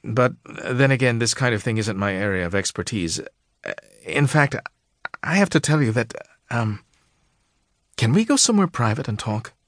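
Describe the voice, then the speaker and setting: A male audiobook narrator voicing a nervous woman scientist who speaks quietly and hesitantly. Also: medium pitch, expressive, normal speed, no room sound, studio quality, close to an everyday voice. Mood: uneasy. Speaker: storybook character in an audiobook.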